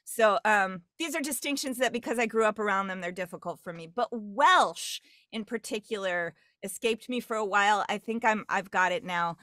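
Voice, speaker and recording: A woman's voice: medium pitch, moderate pace, few pauses, sharp tone, no room sound, studio quality. A woman with a Great Lakes American accent, a dialect coach and voice actress talking in a rambling, digressive podcast interview from home. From US Great Lakes region. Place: at home on a computer, remote.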